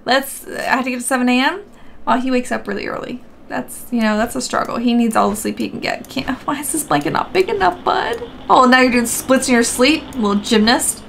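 A woman's voice: high-pitched, fairly quick, vocal fry, fairly bright tone. A woman giving let's play commentary, repeating short phrases over and over, swearing and exasperated, in a noisy recording. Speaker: gaming video host.

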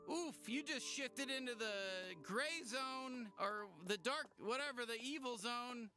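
A man's voice: extremely high pitch, measured pace, exaggerated voice. An actor playing a nervous, rambling male talking alien gun in a video game, stammering and repeating himself. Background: loud game music.

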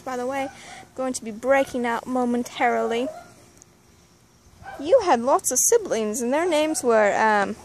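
High-pitched woman hosting a comic backyard vlog; dry, sarcastic delivery over a noisy outdoor recording. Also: normal speed. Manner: deadpan, sarcastic asides. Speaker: vlogger. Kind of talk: casual comedic garden tour. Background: neighbor's dog barking.

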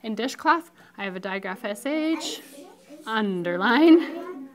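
A young woman teaching a phonics lesson to first graders in a classroom, upbeat and encouraging, slowly drawing out words as she models them. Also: fairly high pitch, lively intonation, a bit bright. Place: elementary classroom.

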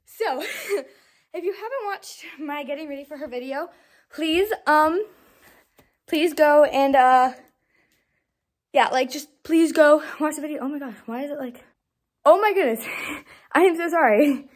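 A young woman unboxing a doll for her vlog, gushing and squealing with excitement and repeating exclamations. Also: sits high, a little slow, pauses often. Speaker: doll collector vlogger.

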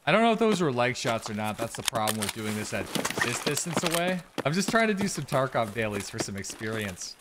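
Male streamer, lively pitch, laid-back swearing chatter, game noise behind. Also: fairly quick. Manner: relaxed, chatty, swears often, reads chat aloud. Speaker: streamer playing a shooter game. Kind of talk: casual gameplay commentary.

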